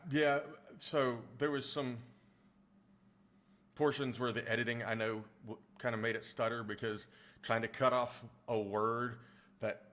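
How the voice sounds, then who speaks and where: A man's voice: fairly low pitch, a bit bright. A man chatting casually with livestream viewers, rambling and restarting sentences as he answers their comments about his narration work. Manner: rambling, with frequent restarts while answering chat. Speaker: streamer and audiobook narrator.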